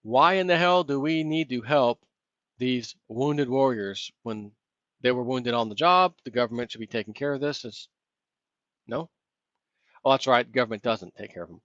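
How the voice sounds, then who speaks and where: A man's voice: medium pitch, moderate pace, a bit bright, dry recording. A man hosting his own commentary vlog, ranting sarcastically about politics. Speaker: vlog host. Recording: dull, lo-fi, dry.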